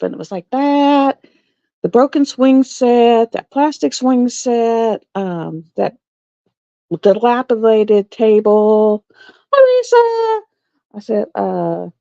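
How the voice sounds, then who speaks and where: A middle-aged woman tells a rambling story to her live stream viewers, laughing often. Her warm, fairly high voice has no echo, but the phone or webcam stream audio sounds dull and slightly lo-fi.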